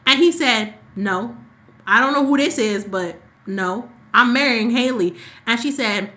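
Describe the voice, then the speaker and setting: Bright, animated woman retelling soap drama. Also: fairly high pitch, unhurried. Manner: animated storyteller who acts out characters' lines. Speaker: podcast co-host. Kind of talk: casual chat recapping a soap opera.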